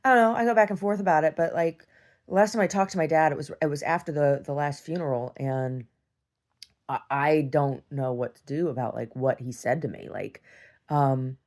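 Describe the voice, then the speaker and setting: Young woman, deep gravelly voice, rambling casual vlog confession. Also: normal speed, darkish tone. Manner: meandering, many restarts and "like"s, swears casually. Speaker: video diarist. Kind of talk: rambling personal video diary.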